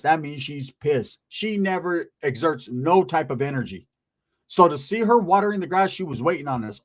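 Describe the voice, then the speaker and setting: A man with a high-pitched voice tells a stand-up story with profane, animated energy. His delivery stays chatty and loose. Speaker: stand-up comedian.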